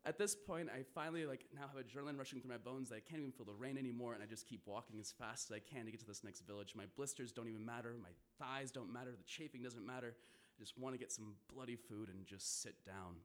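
A man's voice: mid-range voice, quick pace. A man telling a vivid first-person story to an audience, swearing and laughing now and then.

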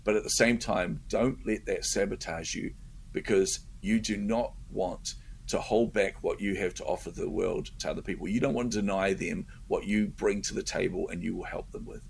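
Middle-aged man, low gravelly voice, animated storyteller, laughs a lot, faint background hiss. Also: normal speed. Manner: animated storyteller, laughs often, repeats words. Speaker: guest entrepreneur. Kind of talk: casual interview chat.

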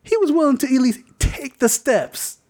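A young man co-hosting a podcast, chatting casually in a rambling, animated way, with lots of fillers and swearing. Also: extremely high pitch, moderate pace. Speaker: podcast co-host. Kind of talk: casual chat.

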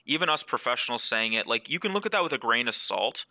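A man's voice: medium pitch, big pitch swings, quick pace, noisy background. A man on a gaming panel chatting casually, with lots of "like" and repeated words. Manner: loose, repeats words, many likes. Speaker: professional card player, panelist.

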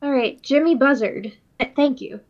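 A woman's voice: sits high, moderate pace. A woman co-hosting a podcast in casual chat, dropping dry jokey remarks. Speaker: podcast co-host. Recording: dull lo-fi sound.

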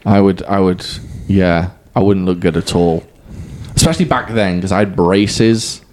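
A man's voice: sits low, moderate pace, a little mellow, a little hiss or hum. A man in casual chat, telling a story animatedly and laughing often.

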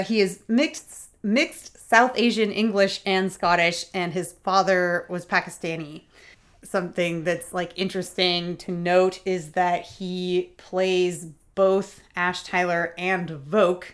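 A woman co-hosting a casual chat podcast, opinionated, swearing freely and laughing often. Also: on the low side. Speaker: podcast co-host.

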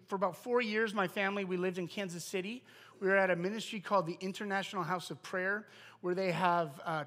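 A man's voice: sits high, a bit bright. A middle-aged man giving an informal sermon in an earnest, conversational way, with frequent fillers and restarts. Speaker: preacher.

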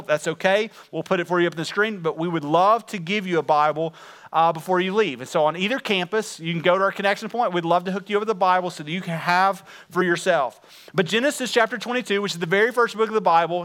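A man delivers a sermon to his congregation, his voice sitting high and ringing bright. He keeps it conversational and animated, leaning in and talking directly to the room. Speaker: pastor. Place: church.

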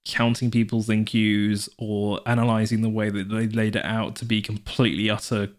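A man's voice: lowish voice, flat delivery, moderate pace. A man co-hosting a podcast in casual chat, rambling and restarting himself, animating anecdotes with put-on voices. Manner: rambling, self-correcting, lots of fillers and restarts. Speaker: podcast co-host.

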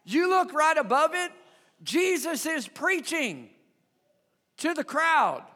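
A male pastor preaching a sermon in an animated, conversational way, often asking the congregation questions. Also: very high-pitched, in a large hall. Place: church sanctuary.

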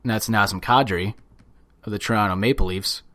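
A man's voice: on the low side, a little fast, fairly bright tone. A man in casual sports chat, talking heatedly and swearing often. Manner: profane, heated.

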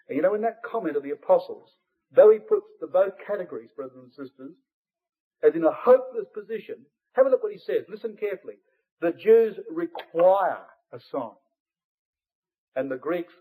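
A man preaching a Bible study sermon to his congregation, earnest and emphatic, rising to forceful peaks and dropping to hushed asides. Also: high-pitched, breathy edge. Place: church hall. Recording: tinny lo-fi phone-like line.

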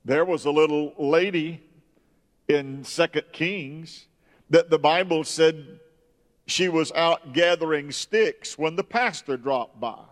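A man preaching a sermon, slow and emphatic, rising high when stirred. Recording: long hall reverb.

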